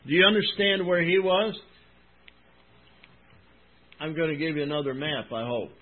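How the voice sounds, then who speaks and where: A man's voice: on the high side, animated, moderate pace, narrow, tinny audio. A man preaching a sermon in an earnest, emphatic way, asking his congregation questions as he goes. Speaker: pastor.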